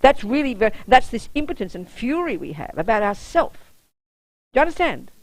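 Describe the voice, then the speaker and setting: Blunt, animated woman giving a dharma talk. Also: fairly high pitch, fairly quick, dry recording, low-quality recording. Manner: blunt, lively, keeps checking the audience understands. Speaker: Buddhist nun and teacher. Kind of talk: public dharma talk with personal storytelling.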